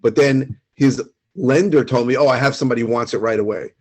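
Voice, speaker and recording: A man co-hosting a podcast who jumps in with quick, plainspoken questions and tells his own story. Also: medium pitch, a little mellow, husky. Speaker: podcast co-host. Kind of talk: casual chat.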